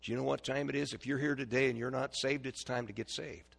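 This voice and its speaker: Male preacher, gravelly and husky, folksy sermon, asks the pews questions. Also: medium pitch, fairly even intonation, fast, a bit bright. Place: church.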